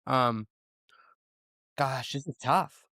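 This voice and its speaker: A man's voice: drawn-out words, no room sound, studio quality. A man in his thirties, a former teacher, telling stories in a casual chat and acting out what others said. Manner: animated storyteller, acts out quotes with raised pitch.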